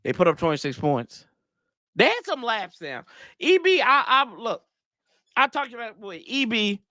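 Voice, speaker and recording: A man with a notably high, bright voice rants as a sports show host. His pitch swings widely as he rambles, exasperated, and throws slangy asides to his viewers. The sound is dry and close. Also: sing-song, normal speed, no echo. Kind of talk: casual sports rant.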